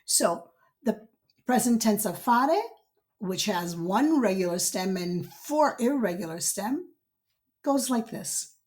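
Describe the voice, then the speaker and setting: A woman teaching as a language teacher, speaking patiently and pausing to drill each verb form one word at a time. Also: medium pitch, lively intonation, a little mellow. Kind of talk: slow instructional voice-over.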